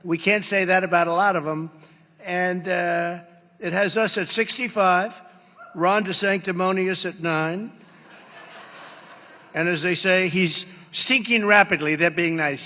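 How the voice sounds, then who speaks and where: A man's voice: high voice, a little slow, pushed and bright. Older man giving a rambling, boastful rally speech. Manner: rambling, boastful, acts out quoted exchanges. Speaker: political speaker at a rally. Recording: live rally feed with long hall reverb.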